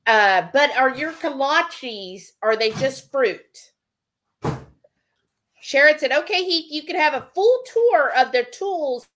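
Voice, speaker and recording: A woman's voice: high-pitched, lively intonation, takes it slowly, a bit bright. A woman hosting a cooking livestream, chatting casually and reading viewer comments aloud.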